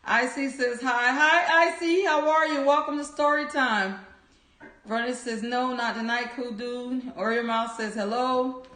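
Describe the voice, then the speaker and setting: This livestream host has a voice on the high side with a sharp tone, speaking at a measured pace. Upbeat and cheering, she greets her viewers by name and reads out their chat messages, all captured in a room with noticeable echo.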